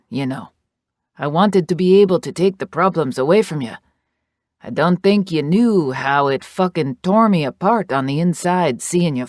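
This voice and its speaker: A woman's voice: low voice, a little mellow, no echo, studio quality. A woman reading out a remorseful male biker's letter to his friend, heartfelt and blunt, with swearing.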